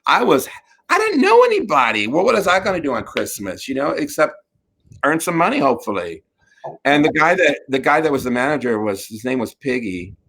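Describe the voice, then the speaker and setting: A man's voice: medium pitch, a little fast. Campy storytelling man. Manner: campy, laughing, animated storyteller. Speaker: talk show host. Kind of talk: casual storytelling chat.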